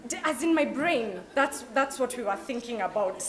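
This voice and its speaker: A young Kenyan woman giving a lively motivational talk at an open day, mixing in Swahili phrases. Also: fairly high pitch, normal speed, few pauses. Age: young adult. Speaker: alumna speaker. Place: event hall at an open day.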